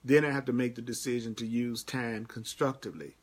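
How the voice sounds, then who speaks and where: A man's voice: mid-range voice, fairly even intonation, fairly quick, slightly rough. A man giving a live-streamed spiritual teaching, emphatic and repetitive, answering viewer comments by name. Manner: repetitive, emphatic, repeats key phrases.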